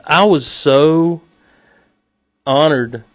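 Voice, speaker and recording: A man's voice: a little high, extremely slow, dry recording. Wry podcast co-host man. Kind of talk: casual podcast chat.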